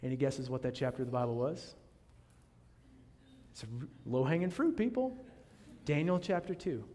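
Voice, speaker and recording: A male pastor preaching a sermon in a dramatic way, swinging from loud proclamation down to a hushed near-whisper. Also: mid-range voice, normal speed. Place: church sanctuary. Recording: long reverb of a large church hall.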